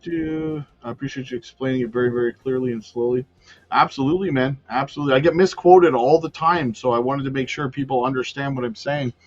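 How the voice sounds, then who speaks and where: A man hosting a casual crypto livestream, reading viewer comments and talking through charts in a loose, chatty way that swings from loud to muttered. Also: medium pitch, fairly quick, highs cut off, soft background music. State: has the hiccups.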